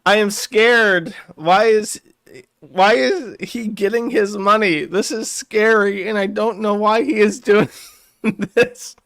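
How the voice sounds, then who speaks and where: A man voicing a frantic man being stung by bees, yelling shrilly and breaking into laughter. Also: sits high, fairly even intonation, slow, dry recording, voice pushed up, exaggerated voice. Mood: panicked screaming.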